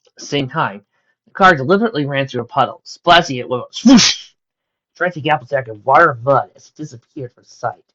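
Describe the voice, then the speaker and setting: A woman's voice: rumbling low, animated, brisk, fairly bright tone, dull audio. A woman reading a fan story aloud in plain narration, with small slips. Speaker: reader of fan fiction.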